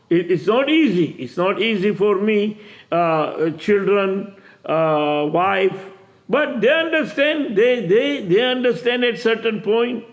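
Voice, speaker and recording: Man in his 60s, high-pitched, slow and emphatic, repeats himself, preaching to camera. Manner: emphatic and repetitive, with halting restarts. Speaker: self-proclaimed messiah addressing viewers.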